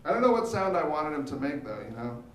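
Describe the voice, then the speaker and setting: A young man performing an animated stand-up comedy set on a theater stage, jumping into high squeaky voices for the people he quotes. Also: fast talker, a little hiss or hum. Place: theater stage, live audience. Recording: echoey theater from far off.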